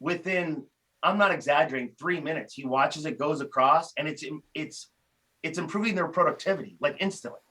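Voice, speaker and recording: A man talking casually as a podcast guest, telling animated stories with frequent restarts. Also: a little high, a little fast, low-quality recording. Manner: animated storyteller, many restarts. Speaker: guest, tool company founder.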